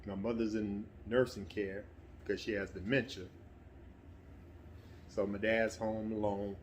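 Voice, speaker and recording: A middle-aged man telling a personal story in a relaxed, conversational way, sometimes getting animated. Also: on the low side, a little slow, slight background noise. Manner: relaxed, conversational, breaks into animated quoted voices. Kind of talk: casual spoken anecdote.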